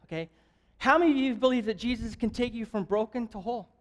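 Animated evangelist man preaching in a reverberant hall. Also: very high voice, fast talker. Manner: animated, jokey storyteller, asks the crowd questions. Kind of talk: sermon with storytelling.

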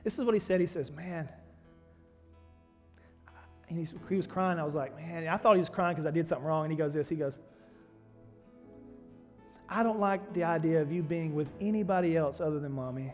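A male pastor preaching a sermon, telling personal stories and building to loud, emphatic preaching. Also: a little high, a little fast, long pauses. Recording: hall reverb with soft music behind.

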